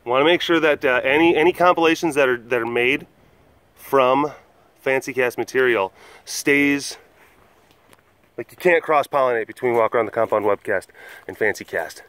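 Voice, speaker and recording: A man's voice: medium pitch, moderate pace, long pauses, fairly bright tone, no room sound. A man hosting a casual, rambling talk, chuckling often and restarting his sentences. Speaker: host. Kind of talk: casual rambling podcast chat. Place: animal compound.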